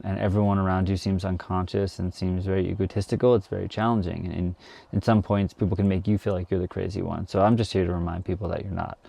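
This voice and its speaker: A man's voice: sits low, creaky, mellow, dry recording. A young man, a new father, talking earnestly and reflectively to his viewers, full of "like" fillers and restarts. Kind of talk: reflective casual monologue to camera.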